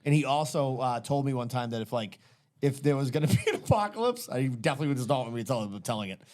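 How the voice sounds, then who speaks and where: A man's voice: medium pitch, lively intonation, fast talker, a little mellow. A man hosting a podcast, rambling in casual profane banter with lots of fillers. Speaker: podcast host.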